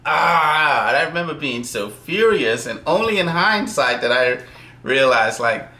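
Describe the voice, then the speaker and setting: A man who works as a software developer tells a work story in a loose, rambling way, with many fillers and small chuckles. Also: medium pitch, big pitch swings, moderate pace, roomy sound. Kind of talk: casual storytelling.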